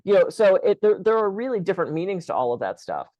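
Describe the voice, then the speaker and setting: A woman co-hosting a podcast, telling stories in a lively way and acting out the quoted lines. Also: on the low side, quick pace, dry recording. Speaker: podcast co-host. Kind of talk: casual podcast conversation.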